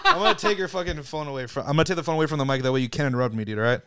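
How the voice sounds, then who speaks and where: A man's voice: on the high side, rapid-fire, slight background noise. A man co-hosting a casual podcast, telling stories with lots of swearing and laughter, in a home living room. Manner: profane, laughing, animated storytelling. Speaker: podcast co-host.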